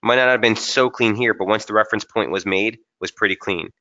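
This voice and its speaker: Casual male webinar presenter, low and forceful voice, muffled stream audio, thinks aloud. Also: fairly quick. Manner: casual, thinking aloud with frequent fillers and restarts. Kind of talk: live chart analysis webinar.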